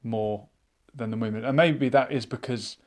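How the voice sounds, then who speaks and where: A man hosting a live online chat show, musing out loud and reading viewers' comments aloud in a casual, thinking-aloud way. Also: mid-range voice, fairly even intonation, normal speed. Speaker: livestream chat host.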